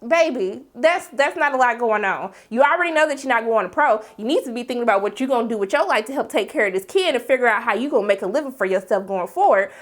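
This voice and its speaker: A young woman with a fairly high voice gives a casual, slangy rundown of a TV episode. She is sassy and animated, and her voice jumps up sharply on every exclamation. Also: fast, few pauses. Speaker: TV show reviewer. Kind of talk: casual review vlog.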